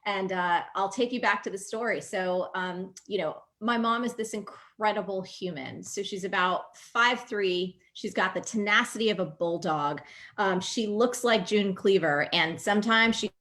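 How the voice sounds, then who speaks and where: A woman in her forties from New Jersey, a guest speaker telling a personal story in a lively, chatty way. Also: medium pitch, moderate pace. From New Jersey, USA. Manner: animated, vivid storyteller, chatty with fillers.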